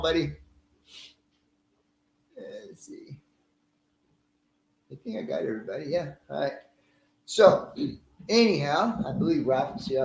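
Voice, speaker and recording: A man's voice: on the high side, roomy sound, slight background noise, poor audio. A middle-aged man casually hosting a live stream, greeting viewers by name in a friendly, chatty way and laughing easily.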